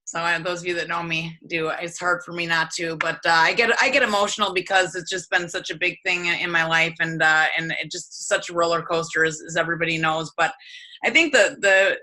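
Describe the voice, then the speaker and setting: A woman speaks over a video call, hosting a support group and telling her own story in an earnest, halting way. Her voice is strikingly bright and sits a little low for a woman. She keeps stopping, restarting and reaching for words. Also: steady tone, low-quality recording. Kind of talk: emotional personal sharing on a group call.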